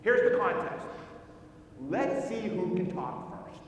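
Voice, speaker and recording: High-voiced man telling stories in an echoey hall. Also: expressive, takes it slowly. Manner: storytelling, firing rhetorical questions at the audience. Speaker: conference speaker. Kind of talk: keynote storytelling speech. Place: large conference hall. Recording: echoey hall recorded from far off, faint rumble.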